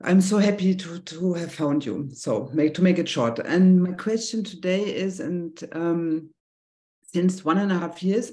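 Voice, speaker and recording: A woman's voice: fairly low pitch, a little slow, darkish tone. A middle-aged woman with a German accent, a native German speaker, hesitantly and nervously asking a teacher a personal question over a video call. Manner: hesitant, nervous, searching for words.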